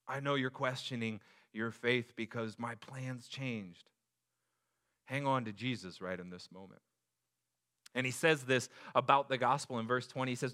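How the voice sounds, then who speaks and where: A man in his thirties, a pastor preaching a sermon, telling a family story with lively acted-out voices. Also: medium pitch. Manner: animated storyteller, acts out voices. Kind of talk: sermon with personal stories.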